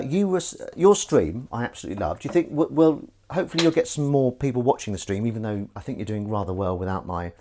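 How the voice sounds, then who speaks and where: A man's voice: mid-range voice, a little mellow, slight background noise. A man chatting casually on a live stream while washing up in his home kitchen, rambling and joking at his own expense. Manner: rambling, jokey, self-deprecating. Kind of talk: casual chat. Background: clinking dishes and pans.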